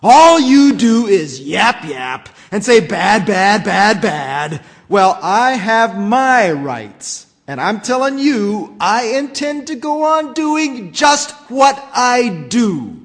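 A man's voice: mid-range voice, big pitch swings, in a large hall. A man playing a boastful, regretful factory owner. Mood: angry. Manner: rhyming storybook narration, slow and dramatic. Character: greedy male factory owner, regretful storyteller.

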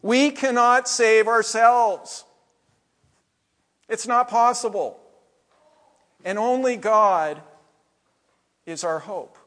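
Male pastor, high voice, slow deliberate sermon delivery, big church reverb. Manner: measured preaching, trailing off softly at phrase ends. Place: church sanctuary.

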